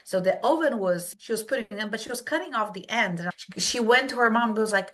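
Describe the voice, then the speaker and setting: A woman from Poland, a brain health coach, telling stories as a podcast guest and acting out quoted voices. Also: fast. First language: Polish. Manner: animated storytelling, acts out quotes in high voices. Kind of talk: casual podcast interview.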